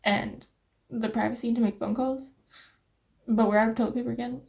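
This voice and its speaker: A young American woman chatting casually to her vlog viewers from a rented flat, rambling and laughing often. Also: on the high side, brisk, vocal fry. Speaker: vlogger. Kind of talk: casual vlog chat to camera.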